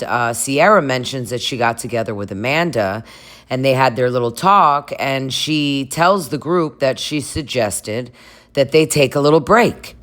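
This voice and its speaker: A woman chatting casually through a reality TV recap, crude and laughing often, mimicking the people she talks about. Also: rumbling low. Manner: chatty and crude, laughs a lot, puts on voices for cast members. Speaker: recap vlogger.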